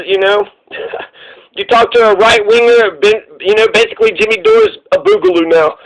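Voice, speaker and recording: A man with a strikingly high-pitched voice delivers a profane rant of political commentary. He is heavy on sarcasm and mockery, swearing freely as he talks. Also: big pitch swings, normal speed, low-quality recording.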